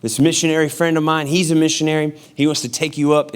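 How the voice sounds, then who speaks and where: A male pastor delivers a relaxed sermon, telling funny personal stories. His voice sits a little high for a man. He speaks to the congregation like friends, mixing jokes with his point. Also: fast, clean tone. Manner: casual, humorous storytelling with acted-out quotes.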